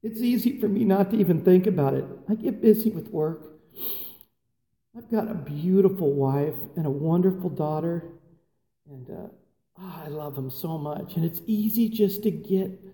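A high-pitched yet mellow man shares his own story at a recovery meeting in a large hall. His voice rings back from the walls with a long tail. He talks in a loose, self-mocking way, full of fillers and asides. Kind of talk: personal testimony to a live audience. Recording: echoey hall with long reverb.

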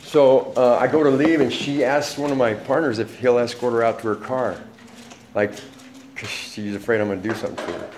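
A man's voice: mid-range voice, steady tone, brisk, reverberant, background noise. A man giving a candid, profane personal testimony at a recovery meeting, laughing often.

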